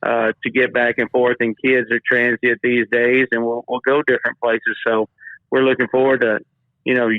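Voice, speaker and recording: A football coach as an interview guest, talking in a relaxed way with frequent uhs. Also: male voice, mid-range voice, no echo. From Louisiana. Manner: relaxed, says uh often. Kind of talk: casual interview. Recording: dry, phone-line sound.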